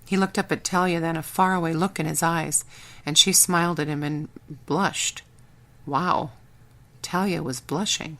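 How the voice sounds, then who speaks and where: A woman reading a first-person audiobook in a wry, brisk storytelling manner. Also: sits low, steady tone, a bit bright. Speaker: audiobook narrator.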